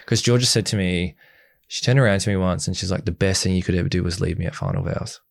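A man's voice: sits low, quick pace, creaky, dry recording, studio quality. A young man in a candid interview, speaking bluntly and acting out the things people said to him. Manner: blunt and animated, acting out quoted dialogue. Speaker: interview guest.

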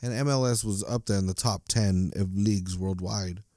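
A man's voice: on the low side, normal speed, warm tone, dry recording. Guy ranting mad about soccer, cursing nonstop, stumbly, dry close mic. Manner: angry, profane, stumbling ranting. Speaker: soccer fan commentator. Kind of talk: casual ranting monologue.

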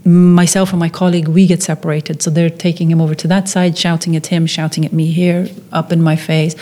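A woman with a low, mellow and somewhat breathy voice talks through a personal story in a relaxed interview. She restarts her sentences often and voices the remarks of the people she met. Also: brisk, few pauses. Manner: animated retelling, acting out quotes, frequent restarts. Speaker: documentary filmmaker, guest. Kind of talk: conversational storytelling.

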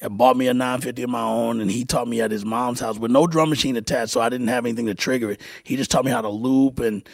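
Middle-aged male producer guest, gravelly voice, dry close sound, halting storyteller who acts out quotes. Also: mid-range voice, fairly even intonation, no echo. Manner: halting, repeats words, acts out quoted dialogue. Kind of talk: casual storytelling interview.

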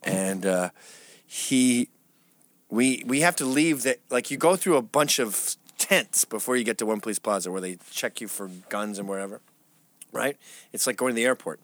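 A man's voice: medium pitch, normal speed, dry recording. A man from England, a studio guest telling stories in casual, profane interview chat. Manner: profane, animated storytelling. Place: media studio.

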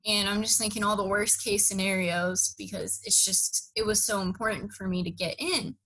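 Young adult woman, bright and lively, chatty interviewee telling her own story. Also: mid-range voice, moderate pace, breathy edge, low-quality recording. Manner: animated, acts out quoted dialogue. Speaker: interviewee recounting her enlistment process. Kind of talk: casual storytelling.

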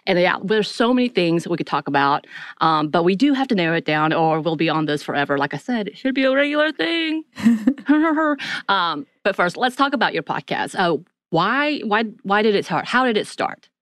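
A woman's voice: fairly low pitch, big pitch swings, brisk, fairly bright tone, dry recording, studio quality. A woman co-hosting a podcast, chatting eagerly and laughing at herself as she welcomes a guest. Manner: eager, chatty, self-deprecating. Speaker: podcast co-host. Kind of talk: casual interview chat.

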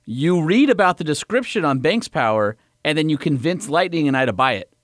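A man's voice: fairly high pitch, animated, brisk, no echo. Jokey male podcast co-host, dry sound. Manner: jokey, directive. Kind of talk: casual chat.

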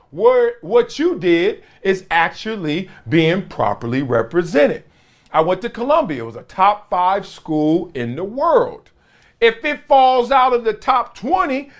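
A man, a former pro football player, hosting a sports talk show in a blunt, slangy, laughing way. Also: high-pitched.

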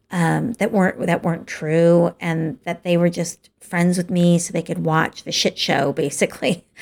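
Slow gravelly woman telling her story. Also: fairly low pitch. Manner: slow, gravelly, candid, with quoted dialogue. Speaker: speaker telling a personal story. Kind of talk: candid personal storytelling.

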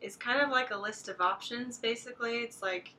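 A woman guests on a language lesson podcast, her voice bright and clear. She explains things casually and loosely, leaning on fillers as she thinks, over a faint hum of room noise. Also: on the high side, a little fast. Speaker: guest co-teacher.

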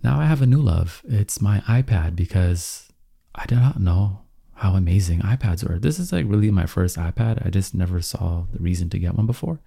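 A young man telling a story in a casual, animated vlog, full of slang and acted-out dialogue. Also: deep voice, moderate pace, creaky, slightly rough.

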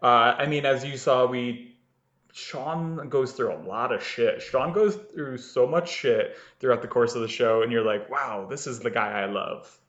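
A man's voice: mid-range voice, a little slow, fairly bright tone, reverberant. A man co-hosting a podcast, rambling casually with lots of fillers and frequent laughs. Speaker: podcast co-host. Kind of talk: casual chat. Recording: slightly dull lo-fi sound.

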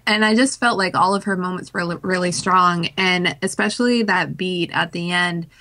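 A woman in casual podcast chat, thoughtful and measured. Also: lowish voice, sharp tone. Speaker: podcast co-host.

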